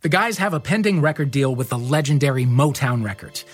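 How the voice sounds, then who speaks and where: Man hosting a podcast, scripted narration, husky, pitch swings around a lot. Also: lively intonation, fairly quick, faint music behind. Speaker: podcast host.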